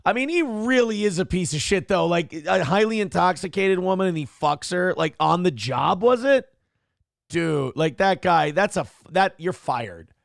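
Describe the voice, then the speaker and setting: Gravelly, crude male show host. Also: high-pitched, animated, moderate pace, dry recording, studio quality. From Minnesota, USA. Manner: crude, irreverent, rambling. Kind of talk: casual commentary reading live chat.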